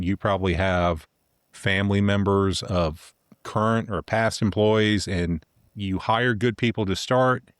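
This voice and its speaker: A man co-hosting a podcast, giving advice in a measured, plain-spoken way. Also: low-pitched, no room sound, clean studio sound. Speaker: podcast co-host.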